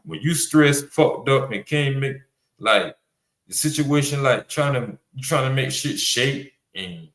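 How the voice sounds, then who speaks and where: A man's voice: mid-range voice, animated, a little slow, fairly bright tone. A man hosting a reaction podcast panel, talking in a blunt, rambling, casual way with plenty of swearing and fillers. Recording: roomy echo.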